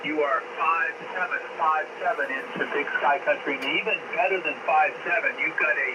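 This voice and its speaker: A man's voice: fairly high pitch, normal speed. A middle-aged man talks in a friendly, easygoing way over the air. His voice sounds far off and comes through heavy radio noise. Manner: friendly, talkative. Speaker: ham radio operator. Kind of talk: casual radio chat. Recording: distant voice over a loud, noisy radio link.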